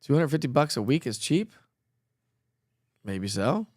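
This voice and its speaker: Talking at a quick pace in a fairly high, slightly mellow voice, a middle-aged man hosts a live weather stream and answers viewer chat, reading comments aloud with frequent fillers and laughs. The sound is clean studio quality with no room sound.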